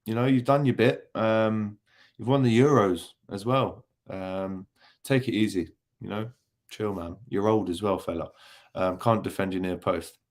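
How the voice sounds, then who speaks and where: A man's voice: on the low side, fairly even intonation, measured pace, darkish tone. A young man hosting a casual football livestream, reading chat comments with jokey banter and lots of ums. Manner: chatty and jokey, many ums, teasing banter. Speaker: football channel host reading live chat.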